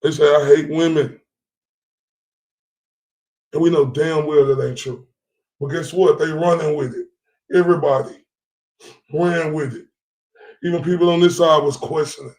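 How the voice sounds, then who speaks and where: A man speaking rants to his followers in a heated, profane vlog monologue. His voice sits a bit higher than most men's, and he keeps circling back with "right?" and repeated phrases. The room around him rings with echo. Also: steady tone, moderate pace, pauses often, a little mellow. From Dallas area. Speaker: vlogger.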